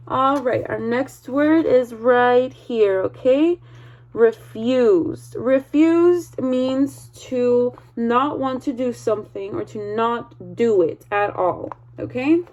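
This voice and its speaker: A woman teaching a read-aloud vocabulary lesson, spelling words out slowly and encouraging the class. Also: on the high side, a little mellow. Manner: slow, spells words letter by letter; encouraging, checks in with "okay?".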